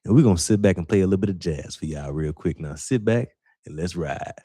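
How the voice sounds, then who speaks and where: A man doing a deep late-night radio DJ. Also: expressive, fast, warm tone, husky, dry recording, studio quality. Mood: smooth. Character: smooth late-night male radio DJ, slow and seductive.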